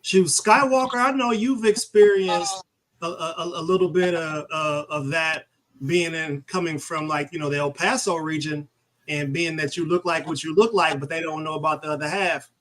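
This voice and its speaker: Host guy from michigan, bit higher voice, easygoing chat, stumbles into his sentences. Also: normal speed, poor audio. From born Arkansas, raised Michigan, USA. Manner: relaxed, conversational, repeats words when starting. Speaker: podcast co-host, military veteran. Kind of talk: casual interview chat.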